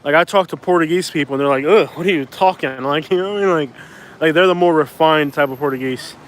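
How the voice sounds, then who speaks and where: A man's voice: fairly high pitch, fast, fairly bright tone. A young man from Florida rambling casually with constant "like"s, vlogging outdoors into a phone on a stabilizer. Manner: rambling, heavy use of "like", restarts. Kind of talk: casual walk-and-talk vlog. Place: outdoors on a street. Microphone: phone on a handheld stabilizer.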